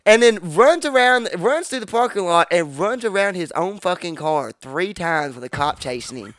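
A man's voice: high voice, lively intonation, normal speed, a bit bright, no room sound. A man co-hosting a podcast, telling a profane story in casual chat and acting out what people said. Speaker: podcast co-host.

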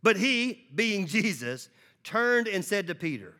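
Guy preaching a sermon, high bright voice, acts out little scenes. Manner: animated, acts out little dialogues, quick asides. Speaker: pastor.

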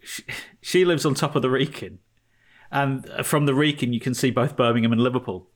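A man co-hosting a podcast, chatting casually in a playful, teasing way. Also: mid-range voice. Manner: playful, teasing, quick to laugh. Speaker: podcast co-host. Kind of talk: casual chat.

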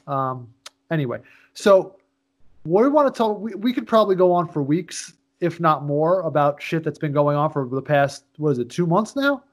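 A man co-hosting a casual podcast, talking in an animated, rambling way and swearing often. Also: a little high, moderate pace. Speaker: podcast co-host. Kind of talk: casual chat.

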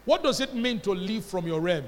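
High-voiced Nigerian pastor preaching. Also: male voice, animated, moderate pace. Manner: emphatic call-and-response preaching, asks the congregation to answer. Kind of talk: sermon. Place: church hall. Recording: long church-hall reverb.

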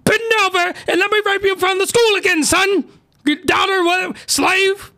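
A man's voice: steady tone, brisk, pushed and bright, exaggerated voice. A man voicing a cruel, domineering male master who barks orders. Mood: menacing. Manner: barking, high and pushy.

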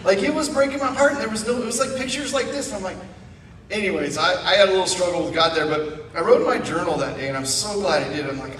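A middle-aged man telling his testimony as a guest speaker at church, animated with asides. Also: high voice, fast talker, a little hiss or hum. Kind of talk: personal testimony. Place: church sanctuary. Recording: echoey room, mic far off.

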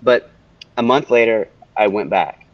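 A man guest in an interview, telling a personal story in an animated way and repeating phrases for emphasis. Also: on the low side, a little slow. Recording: dull lo-fi audio.

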